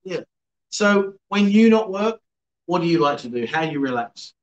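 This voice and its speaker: A man's voice: a little high, animated, moderate pace, muffled recording. A man in his fifties hosting a livestream, chatting casually with guests, teasing them and reading viewer comments aloud. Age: 50s. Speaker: livestream host. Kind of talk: casual chat. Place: indoors, lounge.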